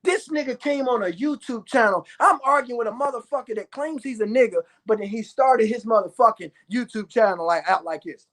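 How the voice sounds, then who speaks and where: Loud profane man ranting. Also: very high-pitched, brisk, hardly any pauses. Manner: loud, profane, bursts of shouting. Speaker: vlogger.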